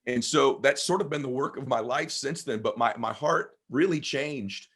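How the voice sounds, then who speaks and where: A man, a guest on an interview podcast, telling personal stories with animated emphasis. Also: mid-range voice, normal speed, breathy edge. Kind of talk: storytelling conversation.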